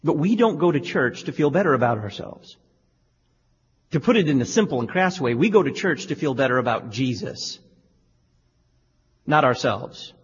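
A man's voice: medium pitch, lively intonation, normal speed, long pauses, slight background noise. A male radio talk show host giving pointed, lecturing religious commentary. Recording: lo-fi studio with reverb.

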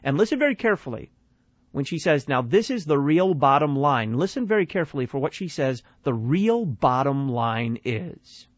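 A man's voice: on the high side, sing-song, normal speed, no echo, lo-fi sound. Man analyzing sermons on the radio. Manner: analytical, poses questions and answers them. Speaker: radio show host. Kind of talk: radio commentary.

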